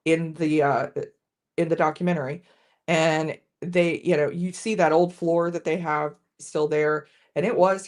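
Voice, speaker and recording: A woman hosting a casual live-stream whiskey tasting, chatting with viewers and often restarting her sentences. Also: on the low side.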